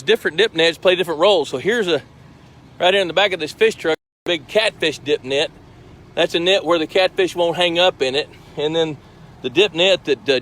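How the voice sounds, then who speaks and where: A man's voice: on the high side, a bit bright. A man hosting a live stream outdoors by a lake, chatty and explanatory as he walks around with his phone camera. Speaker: host. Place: outdoors by a lake at a fish truck. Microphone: handheld phone camera.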